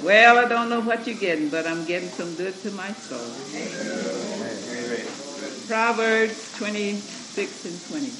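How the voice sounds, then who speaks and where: High, lively preacher man in echoey hall. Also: unhurried, long pauses, a crowd in the background. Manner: lively preaching with laughter and call to the congregation. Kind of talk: sermon with scripture readings. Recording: echoey church room recording with noise.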